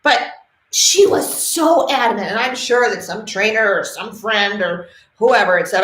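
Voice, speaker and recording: A middle-aged woman from New England speaks straight to camera about dogs, animated and passionate. She tells stories and briefly acts out the people in them. The room around her sounds roomy and echoey. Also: medium pitch, a little slow. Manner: animated, passionate storytelling with acted quotes. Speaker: dog trainer. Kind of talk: casual talk to camera. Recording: roomy echo.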